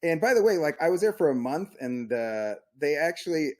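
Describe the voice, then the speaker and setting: A man's voice: a little high, sing-song, fairly quick, a little mellow. A man in his thirties, a comedian and podcast co-host, telling a rambling, self-mocking story in casual chat.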